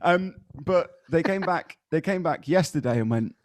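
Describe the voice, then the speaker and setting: A man co-hosting a casual podcast, telling animated, rambling stories with plenty of ums and restarts. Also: a little high, moderate pace, no room sound, clean studio sound. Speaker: podcast co-host. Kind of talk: casual chat.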